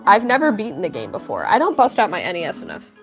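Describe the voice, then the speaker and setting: Lively, playful woman chatting on stream. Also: medium pitch, quick pace, faint music behind. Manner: playful, chatty, reads and answers chat. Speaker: live-streaming artist. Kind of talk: casual live-stream chat while drawing.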